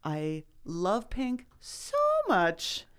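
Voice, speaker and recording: A woman's voice: lowish voice, lively intonation, very slow, clear, resonant tone. A woman co-hosting a podcast, chatting casually in a candid, emphatic way and swearing freely. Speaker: podcast co-host. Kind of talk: casual chat.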